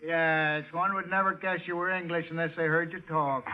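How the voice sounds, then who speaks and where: A man's voice: on the high side, fairly even intonation, normal speed. Drawling wisecracking man on old radio. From United States. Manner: drawling, with muttered wisecracks and asides. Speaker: comedian guest. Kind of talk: old-time radio comedy banter. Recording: dull hissy vintage radio broadcast.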